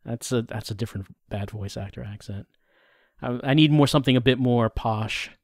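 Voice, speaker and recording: A man's voice: mid-range voice, moderate pace, no room sound, studio quality. A man streaming a game, rambling through casual, self-deprecating jokes. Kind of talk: casual gameplay commentary.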